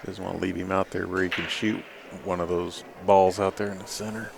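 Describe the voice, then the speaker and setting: A man giving measured, laid-back play-by-play commentary on a pool match. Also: low voice, flat delivery, creaky, noisy background.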